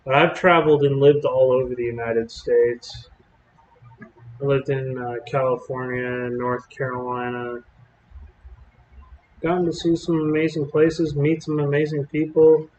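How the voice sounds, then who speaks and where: A man's voice: medium pitch, flat delivery, unhurried, darkish tone, roomy sound, lo-fi sound. A man from Texas giving casual, rambling live-stream commentary on storms while chatting with viewers. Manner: chatty, rambling, drawling with fillers.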